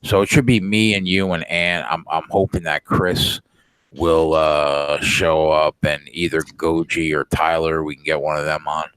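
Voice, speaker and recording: A man with a very deep voice talks through the night's bets in a loose, rambling way, full of "like" and casual swearing. It sounds like a late-night podcast chat between friends, recorded close and dry. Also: little pitch movement, unhurried, fairly bright tone, smooth, dry recording. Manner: laid-back, profane, lots of filler words. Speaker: podcast co-host.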